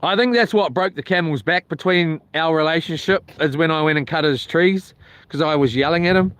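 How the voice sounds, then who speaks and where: A man's voice: fairly high pitch, fairly quick, smooth. A man telling a rambling, colloquial story for his vlog, outdoors by a lake. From New Zealand. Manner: rambling, colloquial, mimics others loudly. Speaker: vlogger. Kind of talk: casual storytelling.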